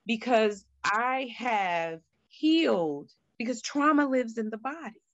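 A woman's voice: a little high, lively intonation, slow pace, fairly bright tone, no room sound, highs cut off. A woman guest telling a personal story candidly and animatedly, acting out her own thoughts.

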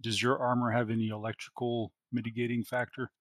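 Fairly quick and flat in delivery, a man with a medium-pitched, slightly bright voice game-masters a tabletop RPG. He narrates the action and works out the rules as he goes, restarting and using fillers often, with no echo on the recording.

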